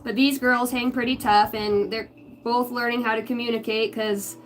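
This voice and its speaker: A woman's voice: a little high, level tone, normal speed, rough recording. Blunt chatty woman reading tarot live. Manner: chatty, blunt, swears freely. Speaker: tarot reader. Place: home. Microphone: livestream device.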